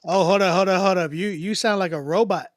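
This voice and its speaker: A man hosting a live music critique stream, talking in a casual, animated way, often laughing and repeating himself. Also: high voice, fast talker. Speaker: livestream host critiquing music.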